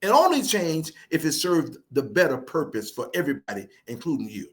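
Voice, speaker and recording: A man guest telling stories in a fast, animated, playfully boastful way during a casual interview. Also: a little high. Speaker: guest speaker.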